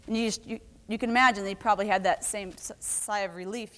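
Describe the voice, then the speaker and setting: A woman giving a lively motivational talk to a live audience, telling stories and asking the crowd questions. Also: fairly high pitch, fairly quick. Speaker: keynote speaker. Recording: long hall reverb.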